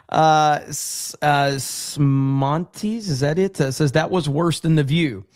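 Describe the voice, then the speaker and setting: A livestream host reads viewer messages aloud in loose, profane, casual chat, laughing often between reads. His voice sits slightly high with a darkish tone, delivered slowly in a dry, close recording.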